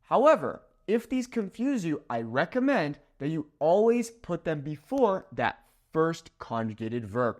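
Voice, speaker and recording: A man's voice: a little high, unhurried. A man teaching a grammar lesson at a whiteboard, explaining step by step and checking in with "okay?" after each point. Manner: animated, checks in with "okay?" often. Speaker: Spanish teacher. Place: room with a whiteboard.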